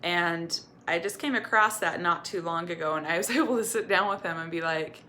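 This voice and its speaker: A woman's voice: lowish voice, a little fast, hardly any pauses, pushed and bright, a little hiss or hum. A woman recovery coach giving candid, earnest personal advice to camera. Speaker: eating disorder recovery coach.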